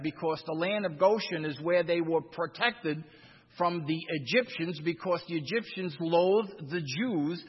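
A man's voice: high-pitched, husky, in a large hall, dull audio. A man preaching a sermon as a pastor, with swells of emphasis and repeated phrases.

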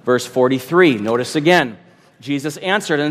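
Emphatic preaching pastor in a reverberant hall. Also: male voice, medium pitch, animated, normal speed. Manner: emphatic preaching with rhetorical questions and repetition. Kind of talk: expository sermon.

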